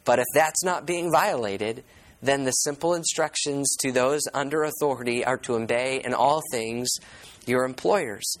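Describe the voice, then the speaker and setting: A man's voice: mid-range voice, normal speed, rough recording. A man preaching a sermon as pastor. He reads scripture aloud, explains it verse by verse, repeats key words and puts questions to the congregation.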